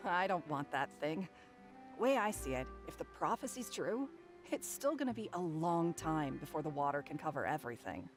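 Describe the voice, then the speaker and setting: Carefree game townswoman, breezy dismissive tone, lively pitch, music behind. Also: moderate pace. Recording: game audio under music.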